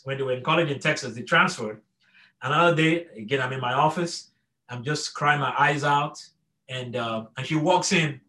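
A man's voice: on the high side, sharp tone. A middle-aged man preaching an earnest evening sermon, often stopping to check in with "okay?" and restarting his sentences. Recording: echoey room.

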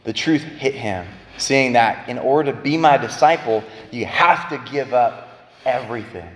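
A man giving a preaching-style Bible talk, emphatic, swinging between loud bursts and quiet low lines. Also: moderate pace. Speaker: Bible teacher. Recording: echoey hall with long reverb.

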